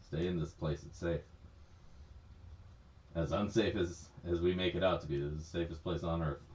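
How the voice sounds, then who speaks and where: A man's voice: sits low, steady tone, normal speed, a little mellow, a little hiss or hum. A man chatting casually on a livestream, rambling, laughing often and swearing freely. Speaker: livestream host. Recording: echoey, slightly dull stream audio.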